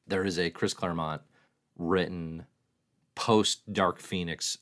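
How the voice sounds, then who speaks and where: A man with a deep, slightly bright voice speaks slowly in a steady tone. As host of a casual comics livestream, he jokes and mocks himself while answering viewer questions aloud.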